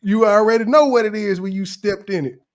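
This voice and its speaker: A man's voice: sits high, fairly quick, poor audio. A young adult man hosting reaction commentary, joking and mocking with plenty of profanity. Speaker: commentary channel host.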